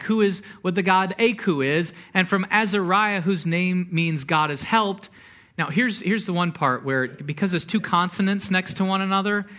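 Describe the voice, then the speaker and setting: A man preaching a sermon as pastor, animated, with repeated words and acted-out quotes. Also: high-pitched.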